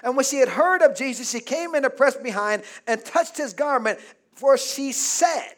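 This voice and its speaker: A pastor with a strikingly high voice preaches in call-and-response style. He throws questions out to the congregation and rises to shouting at the peaks. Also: normal speed.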